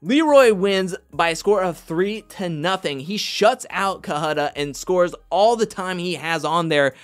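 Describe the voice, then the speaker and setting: A man with a high voice and a measured pace hosts a laid-back reality competition recap, speaking in a chatty, animated way and often imitating others with mock voices.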